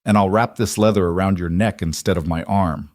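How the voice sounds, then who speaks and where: A man voicing a quiet young cowboy stranger who stays calm and measured even when threatening. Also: low-pitched, no echo, clean studio sound, lightly acted.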